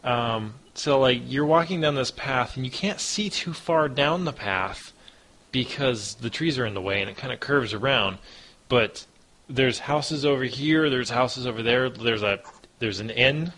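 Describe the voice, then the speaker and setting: A man's voice: mid-range voice, measured pace, a bit bright. A man narrating as game master of a tabletop role-playing podcast, casual and hesitant with lots of ums.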